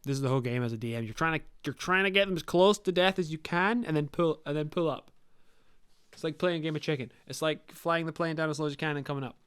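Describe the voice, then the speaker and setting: A man's voice: fairly high pitch, fast, a bit bright, smooth, no room sound, studio quality. A young man hosting a podcast, giving blunt, sweary, rambling advice to new dungeon masters in casual talk. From Scotland.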